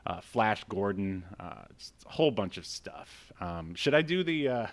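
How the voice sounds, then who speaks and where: A man with a lowish, sing-song voice speaks at a moderate pace as the host of a casual podcast. Reading the credits aloud, he rambles with lots of fillers and laughs often.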